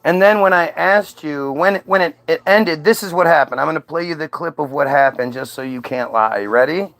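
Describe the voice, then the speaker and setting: American guy calling out an ai, blunt and pushy, dry close sound, bright tone. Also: fairly high pitch, normal speed, no echo, poor audio. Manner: blunt, accusing, insistent. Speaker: streamer questioning an AI. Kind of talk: confrontational casual talk.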